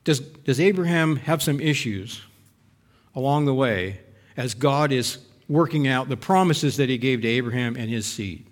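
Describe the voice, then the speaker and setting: A middle-aged man preaching a sermon, animated, acting out people's doubts and asking the congregation rhetorical questions. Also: medium pitch, unhurried, pauses often. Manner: animated, voices the doubts of biblical figures, rhetorical questions to listeners. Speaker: pastor.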